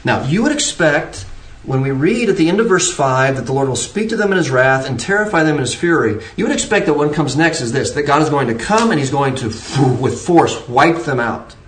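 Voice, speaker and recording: A man's voice: fairly high pitch, animated, fairly quick, fairly bright tone. A man preaching an earnest sermon, pressing his points with shifting emphasis and frequent restarts. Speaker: pastor. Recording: roomy, distant from the mic.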